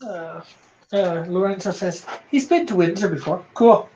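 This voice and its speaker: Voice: medium pitch, a little slow, darkish tone, slight background noise. A host from Canada, chatting casually on a live drawing stream and reading viewer comments aloud in an easygoing way. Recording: dull lo-fi sound.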